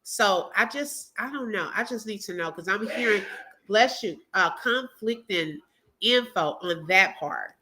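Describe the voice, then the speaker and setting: A woman's voice: mid-range voice, expressive, unhurried, sharp tone. A woman hosting a reaction stream, giving indignant, emphatic commentary to her viewers. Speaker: commentary channel host.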